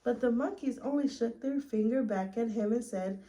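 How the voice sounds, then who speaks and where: A woman reading a picture book aloud to children at story time, gently asking them questions along the way. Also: a little high, moderate pace, poor audio. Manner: gentle, asks listeners questions.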